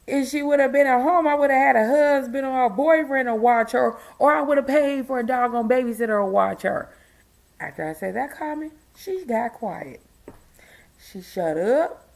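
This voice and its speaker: A woman's voice: sits high, big pitch swings, normal speed, gravelly. A tired middle-aged woman, a single mom, ranting to her viewers in an exasperated, emphatic way. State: tired, yawning. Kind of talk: casual ranting vlog.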